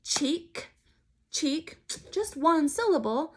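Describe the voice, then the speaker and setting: A woman teaching a phonics lesson to young children, sounding out letters and syllables slowly and clearly. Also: high-pitched, very animated, a bit bright. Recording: recorded for remote learning.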